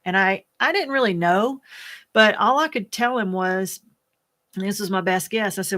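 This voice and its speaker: A woman, a widow, talking candidly to the camera, soft-spoken and earnest, halting and searching for words with many fillers. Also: mid-range voice. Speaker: widow sharing her experience. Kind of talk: candid personal talk to camera.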